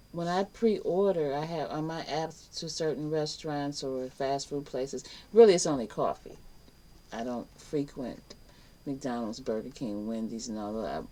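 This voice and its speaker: A woman with a rumbling low, warm voice teaches a casual online life skills class to camera, chatty and emphatic, acting out little exchanges. The recording quality is low.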